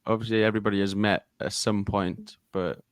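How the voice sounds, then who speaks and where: A man's voice: fairly low pitch, level tone, a little fast, smooth, dry recording. A man from West Wales with a Welsh accent, co-hosting a podcast in a laid-back, storytelling way. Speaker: podcast co-host. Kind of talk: casual chat.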